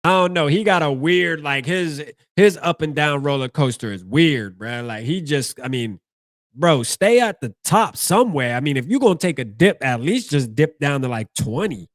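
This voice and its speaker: Animated man ranting on a dry mic. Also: fairly high pitch, moderate pace, no echo. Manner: animated, repeats and restarts, slangy. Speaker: fan show host. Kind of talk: casual postgame rant.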